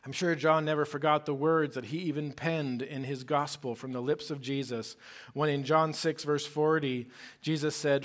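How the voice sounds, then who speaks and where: A man's voice: fairly high pitch, fairly even intonation, normal speed. A man preaching a sermon as pastor, conversational and emphatic, with rhetorical questions.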